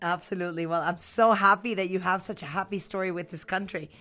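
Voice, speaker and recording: A Mexican woman with a Mexican Spanish accent, hosting a lively interview and switching between languages in a playful way. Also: lowish voice, quick pace. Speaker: TV host.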